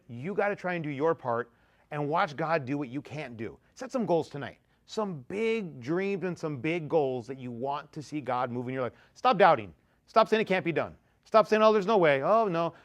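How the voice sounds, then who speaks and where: A male pastor delivers a youth sermon to teens in a church sanctuary, his voice a bit higher than most men's. Loose and joking, he swings between loudly punched words and quiet, near-hushed asides.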